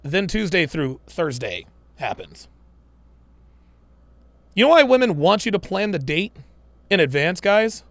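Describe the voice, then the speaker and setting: High, gravelly-voiced profane male host. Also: very animated, measured pace, long pauses, fairly bright tone, no room sound. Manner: profane, emphatic, preachy; mocks women in put-on voices. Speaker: live show host. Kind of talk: live-stream commentary.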